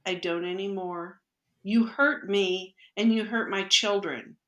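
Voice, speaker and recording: A woman recounting a personal experience in a middle-pitched voice, speaking casually and slipping into the voices of the people she quotes. The sound is roomy, with noticeable echo around her. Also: a little slow. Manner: lively storyteller who acts out quoted dialogue. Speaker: podcast guest, energy healer. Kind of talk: personal storytelling in conversation. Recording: echoey room.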